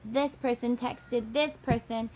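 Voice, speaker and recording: A woman's voice: fairly high pitch, steady tone, darkish tone. A woman giving a channeled tarot reading to her viewers, musing aloud and dropping into acted quotes. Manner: drawn-out, musing delivery that dips into acted quotes. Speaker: tarot reader.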